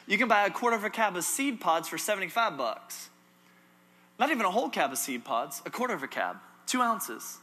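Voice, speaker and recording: A male preacher delivers a sermon in a bright, somewhat high voice. He hammers points home with repetition and humor, swinging from loud emphasis to hushed gravity. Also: animated, moderate pace.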